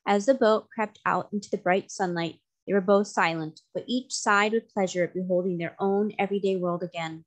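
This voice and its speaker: A woman narrating a children's novel aloud in a steady, even way. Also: medium pitch, moderate pace, few pauses. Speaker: storybook reader.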